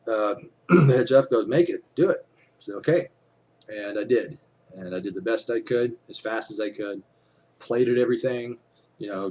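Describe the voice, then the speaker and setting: A man's voice: lowish voice, darkish tone, slight background noise. A man talking casually to his camera, rambling with lots of fillers and casual swearing. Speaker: vlogger.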